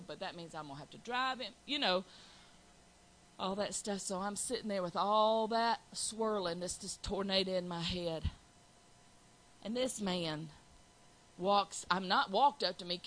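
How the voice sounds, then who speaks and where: Earnest bright-voiced woman testifying. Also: mid-range voice, low-quality recording. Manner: earnest, storytelling, Southern colloquial. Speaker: church member testifying. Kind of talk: informal church testimony.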